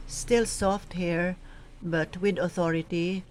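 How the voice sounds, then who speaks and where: A woman coaching church readers, giving slow, careful instructions and sounding out pronunciations. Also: fairly low pitch, a little mellow, slight background noise, low-quality recording. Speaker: reading coach. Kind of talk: instructional talk on proclaiming scripture.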